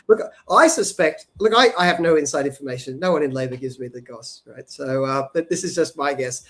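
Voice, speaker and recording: A man's voice: mid-range voice, fairly quick, fairly bright tone. A man co-hosting a policy podcast, explaining economics in a casual way and often checking in with "right?". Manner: explanatory, frequent "right?" tag questions. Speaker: podcast co-host.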